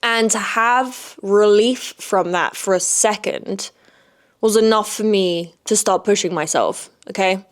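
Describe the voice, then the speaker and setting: A woman's voice: medium pitch, measured pace. Blunt, sweary woman podcaster. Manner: blunt and frank, swears freely, repeats "okay?" for emphasis. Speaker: podcast host. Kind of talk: casual solo podcast monologue.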